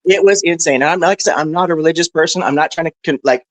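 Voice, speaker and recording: A man on a discussion panel telling a story casually, animated and profane, with lots of "bro" and "right". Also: fairly high pitch, racing, no room sound, poor audio.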